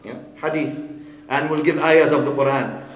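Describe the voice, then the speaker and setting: An Islamic scholar delivers a sermon in English mixed with Arabic phrases, teaching through everyday examples and often asking listeners "huh?". His voice is a little high, level, and at normal speed, echoing through a hall with long reverb.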